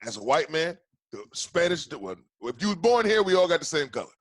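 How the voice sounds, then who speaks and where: A man's voice: on the high side, big pitch swings, a little fast, dry recording. A man hosting a casual podcast, ranting in a heated, profane way with many restarts. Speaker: podcast host.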